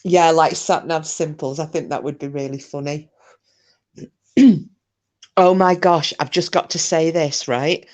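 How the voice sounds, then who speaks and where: Speaking low and unhurried, this Scottish live stream host pauses often, her fairly even intonation a little mellow. She chats casually with viewers, joking and rambling through lots of fillers and restarts.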